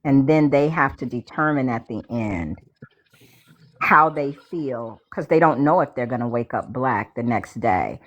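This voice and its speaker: Low-voiced animated woman, dull audio. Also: measured pace. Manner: animated storyteller, addresses listeners as y'all. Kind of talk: casual chat.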